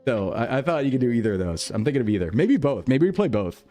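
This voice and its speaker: A man's voice: medium pitch, very animated, fast talker, warm tone, faint music behind. A young man chatting casually on a live stream, rambling, reading chat aloud and laughing often. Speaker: VTuber streamer.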